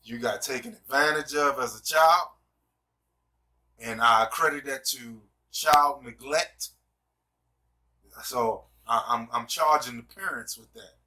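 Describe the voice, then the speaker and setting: Emphatic man with a very bright voice, distant mic. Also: mid-range voice, slow, pauses often. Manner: emphatic, repeats "you see what I'm saying". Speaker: host. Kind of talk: casual discussion, preacher-like.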